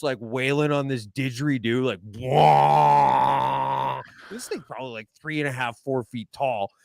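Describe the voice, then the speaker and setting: A man co-hosting a podcast, telling a long rambling story in a casual, deadpan joking way. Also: medium pitch, clean tone, no room sound, clean studio sound. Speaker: podcast co-host.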